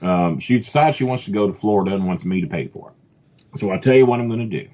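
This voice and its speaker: A man with a low, husky voice tells a rambling comic tale. His pitch swings widely as he laughs and slips into other people's voices along the way. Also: fast talker, muffled recording. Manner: animated, mimics voices, laughs often. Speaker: podcast guest telling a story. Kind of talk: casual storytelling.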